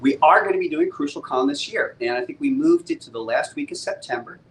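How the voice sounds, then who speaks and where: A middle-aged man, a comic book publisher, chatting casually and excitedly with viewers on a live stream, using laid-back slang. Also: fairly high pitch, a little fast, slight background noise, low-quality recording.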